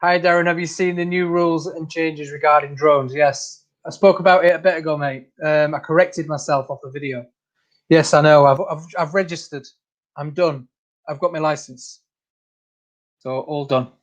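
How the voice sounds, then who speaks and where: A man's voice: a little high, steady tone, normal speed, muffled recording. A man hosting a casual livestream, reading out viewer comments, laughing often and calling people mate. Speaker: channel host.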